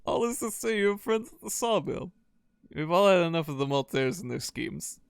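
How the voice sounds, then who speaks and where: A man's voice: on the high side, expressive, moderate pace, vocal fry, clean tone, dry recording, studio quality. A man voicing a friendly, earnest male sawmill worker who rallies people to his side.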